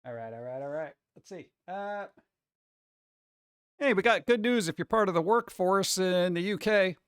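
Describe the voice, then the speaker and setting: Male host, casual and playful, goofy sound effects, slightly high voice. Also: animated, normal speed, smooth, dry recording, clean studio sound. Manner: playful, makes goofy noises. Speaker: streamer host. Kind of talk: casual chat.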